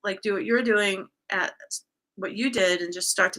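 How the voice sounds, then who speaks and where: A woman's voice: medium pitch, fairly even intonation, moderate pace, pushed and bright. A woman guest speaking as a coach in a casual conversation, candidly telling a personal story with plenty of fillers and restarts.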